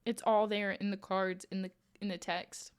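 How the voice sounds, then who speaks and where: A woman streamer chatting casually with her viewers while crocheting, playful and quick to laugh. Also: mid-range voice, level tone, smooth. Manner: playful, laughs often, reads chat aloud.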